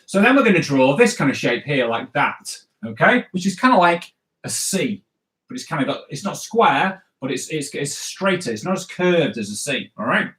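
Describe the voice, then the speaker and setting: A man, slightly high-voiced and very animated in his pitch, leads a live drawing lesson for kids in a jokey, chatty manner. His voice bounces around an echoey room. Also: normal speed. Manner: playful, chatty, jokey teacher talk with frequent "right?" and "okay?". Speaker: comics artist teaching drawing.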